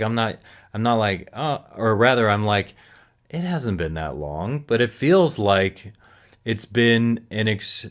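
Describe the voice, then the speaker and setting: Man, forties, low voice, rambling reflective vlogger who corrects himself mid-thought. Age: 40s. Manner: rambling, self-correcting, musing aloud. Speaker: recovery vlogger. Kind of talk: reflective casual monologue.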